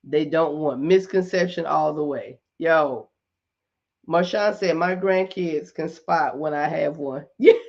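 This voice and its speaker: A middle-aged woman hosting a casual live chat with her viewers, talking in an animated way, repeating points for emphasis and laughing often. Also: low-pitched, slow, lo-fi sound. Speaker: host.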